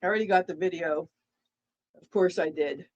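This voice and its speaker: A woman's voice: fairly low pitch, moderate pace, highs cut off. Rambling woman co-host, eating while talking. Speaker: livestream co-host. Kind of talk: casual livestream chat.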